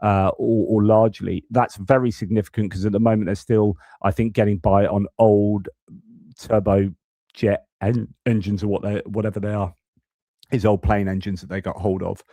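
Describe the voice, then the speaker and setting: Male live-stream news commentator, low dark voice, off-the-cuff, self-correcting. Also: level tone, moderate pace, no echo. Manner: unscripted, restarts and corrects himself, reads then explains.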